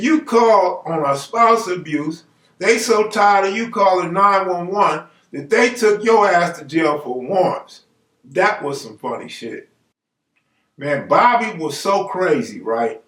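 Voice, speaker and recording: A man telling true stories on a live stream, casual and slangy, acting out voices as he goes. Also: on the high side. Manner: animated, slangy, acts out voices. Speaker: storyteller host. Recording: roomy, distant mic.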